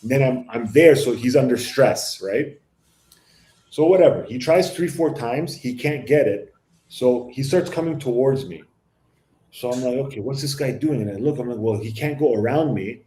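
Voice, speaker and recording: A man telling a story on a casual panel chat, animated and profane. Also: medium pitch, moderate pace, roomy sound, slight background noise. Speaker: podcast panelist.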